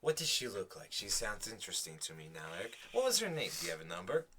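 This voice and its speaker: A man's voice: fairly low pitch, huge pitch swings, fast, sharp tone. A young man co-hosting a casual podcast chat, teasing and jokey. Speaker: podcast co-host.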